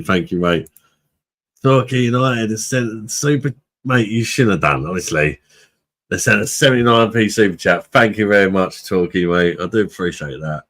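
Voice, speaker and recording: A man's voice: low voice, moderate pace, a bit bright. A British man hosting a live beer review stream, chatting casually with his viewers, laughing often and swearing freely. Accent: British English. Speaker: livestream host, beer reviewer.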